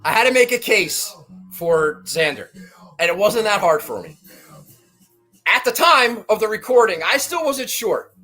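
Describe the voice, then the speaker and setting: A man hosting a golf betting show, ranting defiantly and swearing, swinging from low muttering to shouts. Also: very animated, unhurried, soft background music, poor audio. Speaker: golf betting podcast host. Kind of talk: fired-up monologue.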